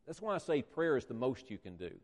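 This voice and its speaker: Male preacher, mid-pitched, emphatic sermon delivery with repeated phrases, reverberant church hall. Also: big pitch swings, brisk.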